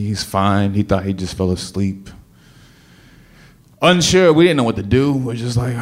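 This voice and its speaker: A man with a somewhat low voice spins a story for a live crowd. He talks in an animated way, tripping over restarts and pushing hard on key words. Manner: animated, stammering restarts, bursts of emphasis. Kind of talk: storytelling before a live audience.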